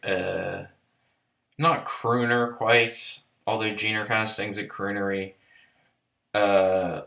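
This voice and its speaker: A man's voice: on the low side, creaky, bright, forceful tone. A man giving a casual, rambling, profane and enthusiastic album review in a vlog. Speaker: music reviewer.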